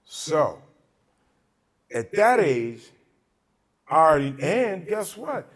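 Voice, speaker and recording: Podcast host guy from socal, kinda husky, bounces all over his range telling stories, swears a lot. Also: a little high, slow pace. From Altadena, Southern California. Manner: animated, profane storyteller acting out the people in his stories. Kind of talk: casual storytelling chat.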